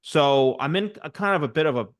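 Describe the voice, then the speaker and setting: A man's voice: fairly high pitch, lively intonation, fairly quick. A man in a casual interview, speaking from his home office over a video call with frequent restarts and fillers. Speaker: guest, hair stylist and YouTuber.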